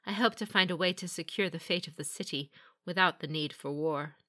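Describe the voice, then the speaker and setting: A woman voicing a calm, measured male samurai lord who speaks formally and with restraint. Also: on the low side. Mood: grave.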